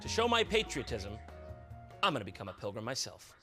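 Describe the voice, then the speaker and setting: A man delivering sarcastic, swearing comedic narration, with bursts of shouting. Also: mid-range voice, big pitch swings, fairly quick, soft background music.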